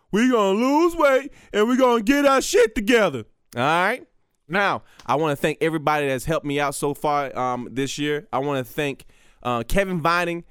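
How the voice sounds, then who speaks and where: A man's voice: medium pitch, fairly bright tone, clean tone, no echo, clean studio sound. A man hosting a solo podcast, rambling and profane, with lots of restarts. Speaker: podcast host. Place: radio station studio.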